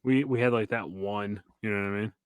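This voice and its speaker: A man co-hosting a podcast in a casual chat, tossing out deadpan jokes. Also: lowish voice, a little fast, clean tone, no echo. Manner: joking, deadpan asides. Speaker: podcast co-host.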